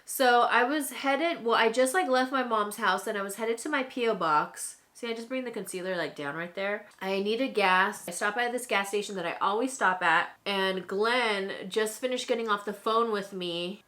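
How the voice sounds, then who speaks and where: A young woman telling a story in a chatty way, with many fillers, while she does her makeup at home. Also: medium pitch. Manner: chatty and animated, with lots of "like" fillers. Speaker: beauty vlogger.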